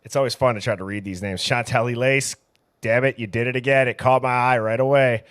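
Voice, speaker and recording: A man's voice: mid-range voice, steady tone, brisk, fairly bright tone, dry recording, clean studio sound. A man hosting a casual livestream, chatting easily and reading viewer names aloud. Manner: reads chat names aloud, easygoing and chatty. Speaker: livestream host.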